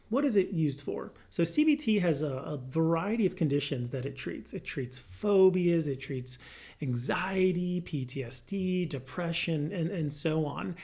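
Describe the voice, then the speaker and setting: A man, a licensed marriage and family therapist, explaining a therapy method to viewers in a lively, good-humored way. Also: a little high, normal speed. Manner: lively, good-humored, laughs through personal example. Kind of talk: educational explainer to camera.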